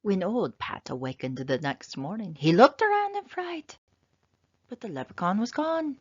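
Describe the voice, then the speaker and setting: A woman reading a children's picture book aloud with expressive, dramatic narration. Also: medium pitch, normal speed. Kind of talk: storybook read-aloud narration. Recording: slightly dull, dry lo-fi sound.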